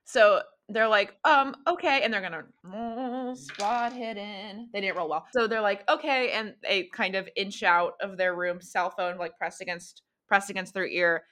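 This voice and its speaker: A woman narrating as game master in a tabletop game, with a bright, clear tone. She talks casually and loosely, full of "like" and restarts. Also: mid-range voice, fairly even intonation, a little slow, few pauses. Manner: casual, filler-heavy narration.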